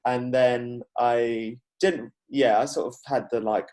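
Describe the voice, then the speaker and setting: A man in a mid-range voice hosts a casual podcast. He chats freely, agrees quickly and tells anecdotes peppered with "like.". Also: mid-range voice, fairly even intonation, a little mellow. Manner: chatty storyteller, full of "like" and quick agreement. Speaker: podcast host.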